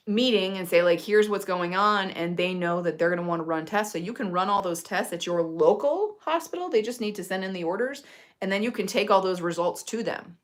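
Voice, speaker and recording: A woman's voice: lowish voice, fairly bright tone. A woman herbalist giving casual advice in a chatty, earnest way, with frequent fillers and restarts. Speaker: herbalist host.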